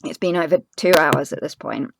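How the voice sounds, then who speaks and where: A young woman, a crafting vlogger telling a personal story in casual chat, earnest and halting with many fillers and restarts. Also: sits low, gravelly, background noise.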